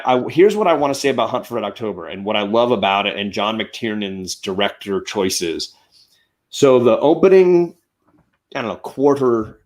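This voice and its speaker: A man hosting a casual movie review discussion, talking with enthusiasm and restarting his sentences now and then. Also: medium pitch. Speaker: show host.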